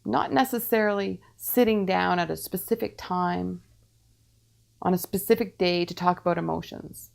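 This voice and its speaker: A woman speaking as a medium, giving channeled spiritual teaching in a measured way, repeating her phrases with calm pauses. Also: lowish voice, creaky.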